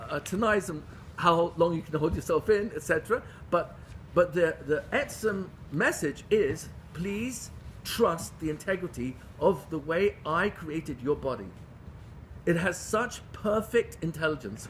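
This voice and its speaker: High-voiced man giving an emphatic class. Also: a little hiss or hum. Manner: emphatic, repeats phrases for stress, rhetorical questions. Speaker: rabbi teaching a class. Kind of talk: lively Torah lecture.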